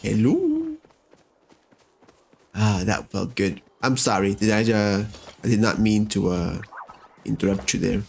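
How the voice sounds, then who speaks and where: A man's voice: fairly low pitch, flat delivery, normal speed, gravelly, slight background noise. A man giving chatty commentary as he plays a video game and talks to its characters. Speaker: let's-play host. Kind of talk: gameplay commentary. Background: faint game music.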